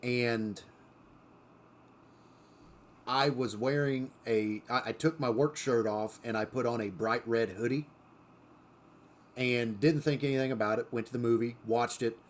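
A man's voice: medium pitch, fairly even intonation, unhurried, long pauses. A man co-hosting a casual podcast chat, telling stories with lots of fillers and restarts. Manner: storytelling, many fillers and restarts. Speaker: podcast co-host.

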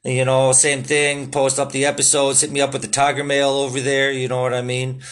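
Laid-back, swearing podcast host. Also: male voice, mid-range voice, completely flat delivery, brisk, a bit bright. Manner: laid-back, swears constantly, lots of fillers. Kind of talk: casual solo podcast talk.

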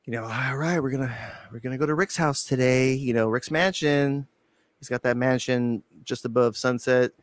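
A man telling a profane, animated story as a guest on an interview show, acting out quotes. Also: medium pitch, moderate pace, no room sound. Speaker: guitarist guest.

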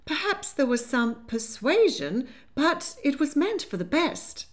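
A woman voicing a fluttery, anxious aristocratic mother who pleads in a high, plaintive voice. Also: big pitch swings, a little slow. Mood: fretful.

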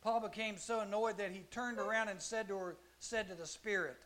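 Man teaching youth Bible class, bright, lively, acts out the voices. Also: high voice, brisk. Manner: animated storytelling with acted-out voices.

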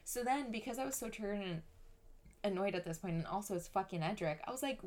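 A woman's voice: medium pitch, quick pace. A young woman hosting a podcast, casually telling a story with lots of "like" and cursing. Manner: swearing, animated, filler-heavy "like". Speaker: podcast host.

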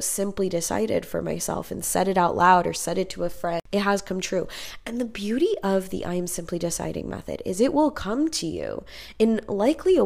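A young woman with a creaky, fry-heavy voice talks straight to her viewers like a manifesting coach. She is emphatic and repetitive and drops the odd swear word. Her pitch sits in an ordinary middle range. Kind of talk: casual motivational monologue.

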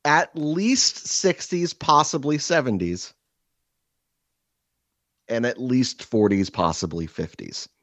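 A man hosting a podcast, telling a crude comic story in an animated, rambling way with many fillers, seated across from his co-host. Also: mid-range voice, takes it slowly, long pauses, no echo. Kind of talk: casual comedic storytelling.

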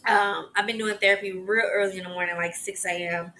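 A young adult woman hosting a casual solo podcast, talking in a chatty, expressive way with sighs and laughs. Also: mid-range voice, a little fast, slight background noise. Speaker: podcast host.

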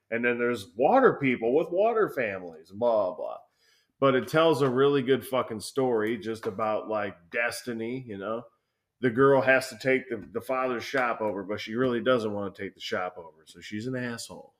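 A young man chats loosely on a podcast, cursing freely as he rambles through a story. His voice sits at an ordinary middle pitch. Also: a bit bright. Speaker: podcast co-host. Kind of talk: casual chat.

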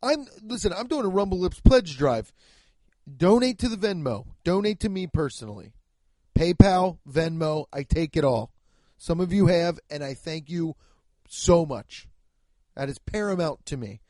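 A man in his thirties delivers a profane, mocking comedy rant as a podcast host. His voice sits a bit high for a man. The recording is close and dry, with no room sound. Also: expressive, moderate pace, a little mellow, no room sound.

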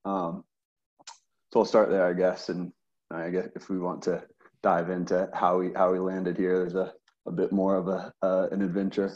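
A man's voice: low-pitched, monotone, moderate pace, darkish tone, highs cut off. A man being interviewed as a guest, speaking hesitantly with repeated words and many fillers. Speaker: interview guest, service manager. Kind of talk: casual interview.

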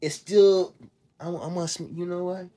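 A man's voice: sits high, fairly even intonation, unhurried, dark tone. A man co-hosting a casual chat, joking and slangy and often laughing.

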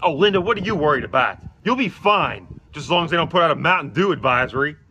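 A man playing a gruff middle-aged Pittsburgh dad with a Pittsburgh accent, complaining and sarcastically nagging his family in a comedy clip. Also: a little high, animated, quick pace, bright, forceful tone, a little hiss or hum. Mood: grumbling. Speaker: comedy character.

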